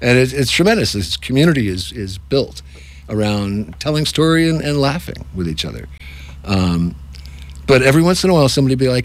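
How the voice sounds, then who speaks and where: Lively man hosting improv nights. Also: mid-range voice, a little fast, no room sound. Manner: animated, jokey, self-interrupting. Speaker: improv workshop host. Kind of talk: casual radio-style interview.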